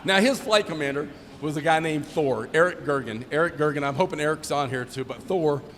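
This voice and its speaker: A middle-aged man with a fairly high voice tells joking stories at a retirement ceremony, playing every part of the dialogue himself. His voice carries a long hall reverb with a faint hum of ambient noise behind it. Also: fairly quick, a bit bright. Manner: joking storyteller who acts out dialogue. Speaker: former squadron commander giving a tribute. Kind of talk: anecdotal retirement ceremony speech.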